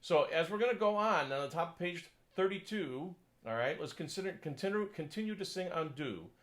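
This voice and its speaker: A man working as a choir conductor, coaching a section through a piece, counting in and singing parts, sometimes in falsetto. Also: animated, a little fast, fairly bright tone, low-quality recording. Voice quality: sings in falsetto. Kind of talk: choral coaching lesson.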